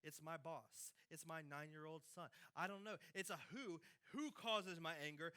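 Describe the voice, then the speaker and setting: A man preaching a sermon as pastor, repeating phrases with sudden loud peaks and quiet drops. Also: a little high, moderate pace, few pauses, smooth.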